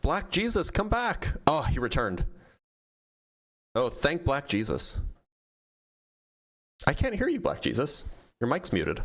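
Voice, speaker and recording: A man's voice: a little high, wildly swooping pitch, a bit bright. A man hosting a live-streamed debate, speaking in a dry, teasing, casual way. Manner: dry, teasing, quick back-and-forth. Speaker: debate host.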